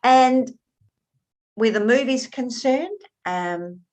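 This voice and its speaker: A woman author being interviewed, telling her stories in an animated, expressive way and often restarting her sentences. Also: a little high, extremely slow. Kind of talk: conversational interview.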